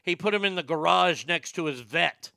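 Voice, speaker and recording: An older man rants through sarcastic, profane commentary in a gravelly, smooth voice. His tone is bright and somewhat high, and the sound is dry and close. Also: normal speed, no echo. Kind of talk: ranting political commentary.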